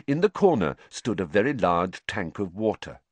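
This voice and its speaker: A man narrating an audiobook, reading with lively character work. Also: low-pitched, moderate pace, dry recording.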